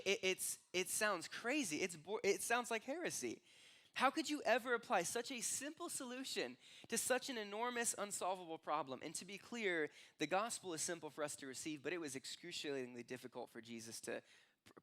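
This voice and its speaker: A young man preaching a sermon as pastor, telling stories and acting out voices. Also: fairly high pitch. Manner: storytelling, acts out voices with rising excitement.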